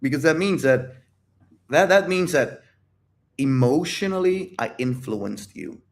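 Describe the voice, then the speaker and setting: A man's voice: fairly high pitch, lively intonation, a little slow. A man holding a livestream Q&A as a dating coach, talking straight to his viewers in an emphatic, repetitive way and swearing freely. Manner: addresses viewers directly.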